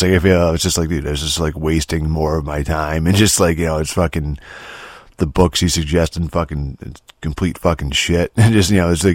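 Grumpy, deep-voiced man ranting in his thirties. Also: steady tone, dry recording, studio quality. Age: 30s. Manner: grumpy, swearing constantly, halting restarts. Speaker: podcast host. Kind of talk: profane rant monologue.

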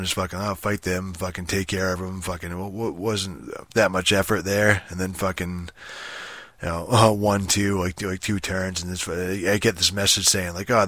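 Deep-voiced man rambling and swearing. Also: fairly bright tone, no echo. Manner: rambling, heavy swearing, many fillers and restarts. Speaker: gamer talking about a strategy game. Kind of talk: casual rambling chat.

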